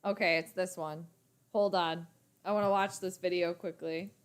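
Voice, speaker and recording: A woman hosting a casual sports livestream, talking chattily to her viewers in an animated way. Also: on the low side, normal speed, smooth. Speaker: sports channel host.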